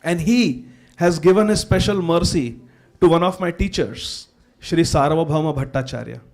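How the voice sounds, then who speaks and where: Rather high for a man, a man performing a devout king speaks in a formal, stately manner, humble yet royal. It is a live festival stage monologue given straight to the audience. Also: normal speed, gravelly. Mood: regal storytelling. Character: devout old king of Odisha, regal and humble. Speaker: actor in a festival drama.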